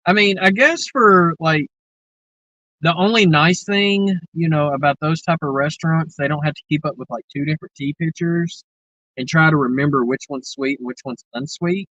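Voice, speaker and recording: A man's voice: a little high, moderate pace, a bit bright, no room sound. Chatty Southern man, dull dry sound. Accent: Southern American. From American South. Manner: rambling, drawling, with many fillers. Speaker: livestream host chatting with viewers. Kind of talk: casual chat.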